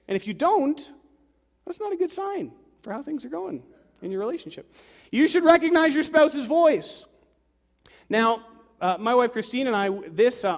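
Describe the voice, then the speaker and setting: A man's voice: high voice, long reverb tail. A man in his thirties, a pastor giving a sermon to a congregation in a church, talking in a conversational way with joking asides.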